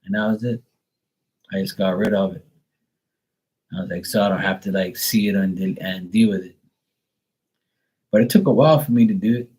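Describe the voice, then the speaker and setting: A man's voice: sits low, moderate pace, pauses often, dark tone, rough recording. A man hosting a live tarot reading stream, talking casually, bluntly and with frequent swearing. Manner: blunt, profane and candid.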